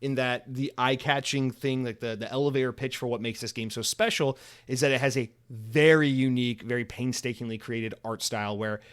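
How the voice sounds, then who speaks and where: A man's voice: mid-range voice, steady tone, brisk, few pauses. A man in his thirties hosting a solo podcast alone, rambling casually with sarcastic, profane asides.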